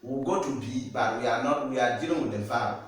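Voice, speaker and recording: A man with a medium-pitched, brisk voice gives a slow, classroom-style French pronunciation lesson, patiently repeating words so the student understands. The recording is echoey, from a distant mic.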